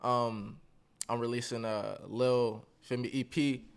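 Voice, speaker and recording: A man's voice: medium pitch, level tone, takes it slowly, vocal fry, clear, resonant tone. A young man from Columbus, Ohio, a musician guest chatting in a laid-back, joking way. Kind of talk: casual chat.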